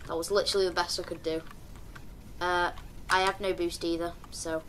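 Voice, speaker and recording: Bright-voiced woman streaming a game. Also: lowish voice, normal speed, slight background noise. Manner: chatty, sudden excited yelps, talks to teammates. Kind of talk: live gameplay commentary.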